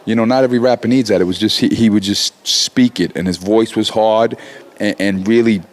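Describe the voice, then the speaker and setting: Guest rapper, male, 40s, low register, animated and profane, lots of restarts. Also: brisk. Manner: animated, swearing, many restarts. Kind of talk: profane casual interview talk.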